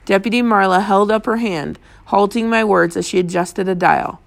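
Gravelly-voiced woman reading a novel. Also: mid-range voice, normal speed. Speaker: audiobook reader. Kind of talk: first-person audiobook narration.

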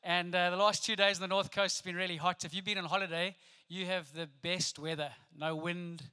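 A man's voice: high voice, flat delivery, a little fast, sharp tone, clean tone. A middle-aged man from South Africa with a South African accent, preaching a sermon with humorous stories and playful asides to the congregation. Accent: South African English. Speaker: pastor.

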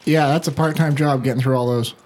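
A man's voice: mid-range voice, fairly even intonation, fast talker, a little mellow, a little hiss or hum. A man co-hosting a podcast in casual chat, enthusiastic and swearing offhandedly. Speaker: podcast co-host.

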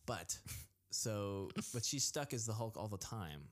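A man's voice: lowish voice, lively intonation, unhurried. A man co-hosting a podcast, chatting casually and rambling through restarts with sarcastic asides. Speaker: podcast co-host. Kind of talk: casual chat reacting to a trailer.

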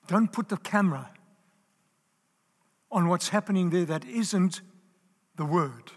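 A man delivering a sermon in a high, light voice. He stresses his points, says them over again and asks his listeners if they are with him. The sound rings out with the long reverb of a large hall. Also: expressive, measured pace, husky. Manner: emphatic, repeats key phrases, asks the audience if they are there. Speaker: preacher.

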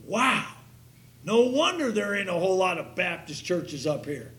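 A man preaching a sermon to his congregation, telling a story with animated delivery that rises to near-shouts. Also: high-pitched, normal speed. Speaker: pastor. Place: church sanctuary.

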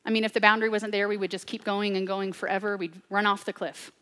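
A woman preaching a sermon, swinging between loud, urgent declarations and hushed, near-whispered asides. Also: medium pitch, flat delivery, quick pace, big-room sound.

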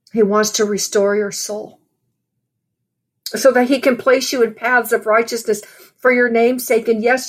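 Woman preaching in a conversational way. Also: medium pitch. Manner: conversational, storytelling, frequent "you know". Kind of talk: sermon with personal story.

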